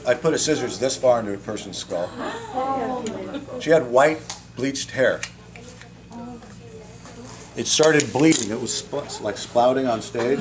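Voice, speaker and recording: A man who teaches cosmetology, telling funny work stories to a live audience and laughing as he talks. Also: medium pitch. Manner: animated, joking, laughs while telling stories. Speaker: cosmetology educator.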